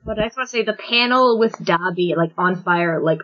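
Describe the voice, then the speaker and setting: A woman hosting a podcast in casual chat, lively and often laughing, acting out quoted lines in a raised voice. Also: lowish voice, fairly quick. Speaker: podcast host. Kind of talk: casual chat recapping a manga chapter. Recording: dull lo-fi podcast audio.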